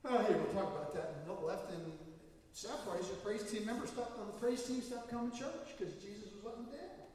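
A male pastor with a high voice delivers a sermon in a chatty, storytelling manner, sliding into anecdotes as he goes. He sounds far from the microphone, his words ringing through a big church sanctuary with a long, roomy echo. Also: a little fast, a little mellow. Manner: conversational, storytelling preacher. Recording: echoey hall, mic far off.

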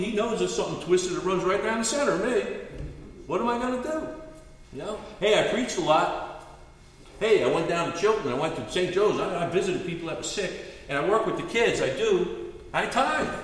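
A male pastor preaching a sermon in an animated, earnest, storytelling manner. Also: high-pitched. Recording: echoey hall, distant mic.

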